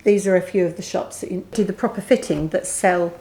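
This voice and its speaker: A woman's voice: lowish voice, fairly even intonation, brisk, warm tone. A middle-aged woman, co-hosting a casual chat and telling a personal story candidly, acting out the voices of people she quotes. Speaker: co-host.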